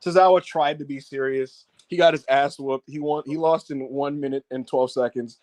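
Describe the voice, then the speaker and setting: A high-pitched man talks through a wrestling recap in loose, excited chat. He swears freely, laughs a lot and slips into playful impressions of the people he describes. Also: normal speed, no echo. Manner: animated, profane, laughs often, acts out quotes. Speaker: co-host of a wrestling review show. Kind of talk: casual show recap chat.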